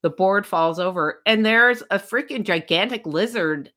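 A middle-aged woman co-hosting a podcast in casual chat, telling animated stories with a lot of swearing. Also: mid-range voice, measured pace. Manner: animated storyteller, swearing, shrieking when retelling scares. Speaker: podcast co-host.

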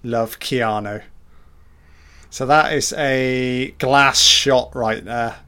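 A man's voice: medium pitch, fairly even intonation, slow pace, sharp tone, clean tone. A man giving casual film commentary in short, admiring remarks, swearing often.

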